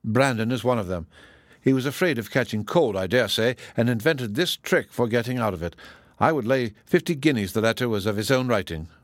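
A man voicing a dashing young gentleman who speaks slyly and mockingly, low and confiding. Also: expressive, fairly quick, no echo, close to an everyday voice. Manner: sly and mocking.

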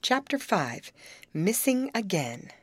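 A woman reading a novel aloud in a measured storytelling manner. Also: medium pitch, very animated, husky, dry recording. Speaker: audiobook narrator. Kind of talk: scripted narration of a novel.

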